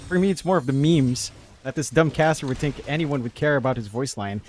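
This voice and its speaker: Calling a live video game match, a male esports caster speaks a little fast in a medium-pitched, darkish voice. He chats analytically about lanes and items and jokes with his co-caster over background music and slight background noise.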